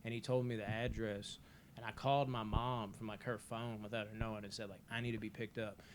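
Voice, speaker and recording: A man's voice: on the low side, level tone, brisk, slight background noise. A man in his twenties, a podcast co-host telling a long story in a casual, rambling way, full of filler words and swearing.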